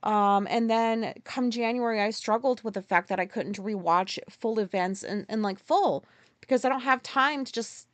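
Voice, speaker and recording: A woman's voice: fairly high pitch, moderate pace, no room sound. Woman host, solo podcast rant, exasperated and profane, dry close sound.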